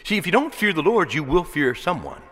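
A man preaching a sermon in a conversational, animated way, posing rhetorical questions to his listeners. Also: a little high, brisk, slightly rough, in a large hall.

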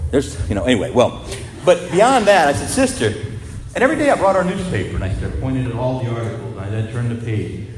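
A man preaching a sermon as a priest, animated and asking his congregation rhetorical questions. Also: medium pitch, fast, reverberant, long reverb tail, a little hiss or hum.

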